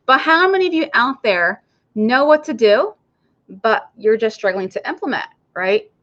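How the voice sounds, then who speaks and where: A woman's voice: on the high side, expressive, normal speed, fairly bright tone. Chatty woman health coach, lo-fi. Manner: chatty, addresses viewers directly. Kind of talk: casual online coaching talk.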